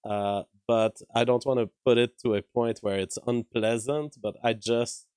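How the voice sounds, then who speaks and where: A man's voice: medium pitch, fairly even intonation, normal speed, darkish tone, clean tone, dry recording, low-quality recording. Dry-voiced male stream commentator. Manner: analytical, thinks aloud with fillers and restarts. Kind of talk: live-stream commentary on an interview clip. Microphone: own mic with a compressor.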